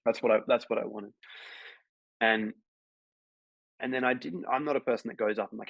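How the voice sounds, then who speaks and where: A podcast's actor guest, gravelly and low-voiced, tells a long rambling anecdote packed with fillers in a casual chat. His intonation is fairly even and his pace brisk, with frequent pauses. The dull, dry lo-fi recording has no echo.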